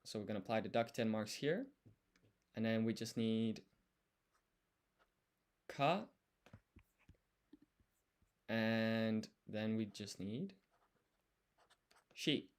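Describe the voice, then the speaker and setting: A man's voice: lowish voice, slow pace, long pauses. A man studying on a livestream, thinking aloud and explaining each step as he writes. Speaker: language learner.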